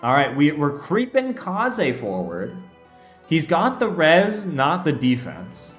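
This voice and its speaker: A male streamer with a bouncy, animated voice that swings up and down as he chats. He laughs easily and talks straight to his viewers. Heard in a roomy, echoey space with faint music underneath. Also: fairly high pitch, slow. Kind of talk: casual livestream chat and game commentary.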